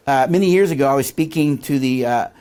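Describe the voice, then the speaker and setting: A man's voice: medium pitch, fast talker, darkish tone, clean tone. A man teaching leadership in a classroom lecture, quizzing his listeners with fill-in questions before a live audience.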